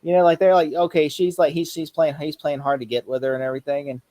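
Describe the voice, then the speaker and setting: A man in a casual movie discussion, talking in an animated way, retelling scenes and often repeating phrases. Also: fairly high pitch, fast talker. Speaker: podcast co-host.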